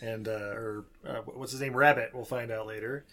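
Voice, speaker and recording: A man hosting a podcast, recapping a movie in casual chat, laughing often and pausing on fillers. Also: mid-range voice, fairly even intonation, a bit bright. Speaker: podcast host.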